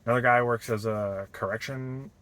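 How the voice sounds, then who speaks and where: A young man from Boston in a casual, reflective vlog, talking haltingly with many fillers and restarts. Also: medium pitch, steady tone, fairly bright tone. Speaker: vlogger.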